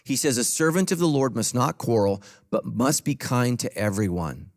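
A man preaching a sermon as pastor to a congregation in a church. He talks emphatically, swinging between loud, punchy lines and soft, low asides. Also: expressive, normal speed.

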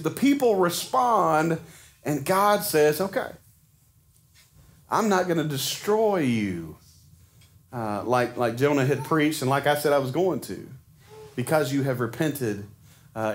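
A man preaching a sermon in a conversational way, often putting rhetorical questions to his congregation. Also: mid-range voice. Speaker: pastor.

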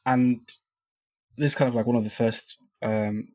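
A man co-hosting a casual podcast about a TV show, relaxed and quick to laugh. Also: medium pitch. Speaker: podcast co-host. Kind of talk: casual chat reviewing a TV show. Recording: slightly dull audio.

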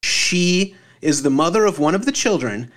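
A man's voice: fairly high pitch, expressive, moderate pace, a bit bright. A man telling a funny anecdote on a casual comedy podcast, rambling with fillers. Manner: rambling with fillers, laughs at own story. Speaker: podcast co-host, parent.

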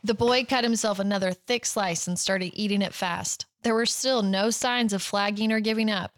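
A woman's voice: medium pitch, steady tone, moderate pace, dry recording, studio quality. A woman co-hosting a casual book podcast, who chats and reads passages aloud with a bubbly manner and frequent laughter. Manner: bubbly, laughs often while reading. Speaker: podcast co-host.

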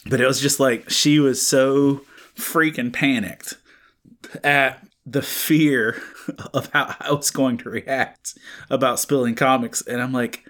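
A man's voice: medium pitch, steady tone, takes it slowly, a bit bright. A man in his thirties co-hosting a comics podcast, telling a long anecdote in a casual chat with lots of fillers and restarts. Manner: rambling storyteller, many fillers and restarts. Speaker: podcast co-host.

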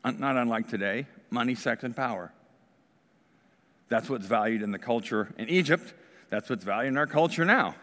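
A man preaches a sermon in a mid-range voice, retelling an old story with lively emphasis and quick acted-out lines of dialogue. His voice carries a long reverb tail, as if from a large church hall. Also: medium pitch. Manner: animated storytelling, acts out voices of the people. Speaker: pastor.

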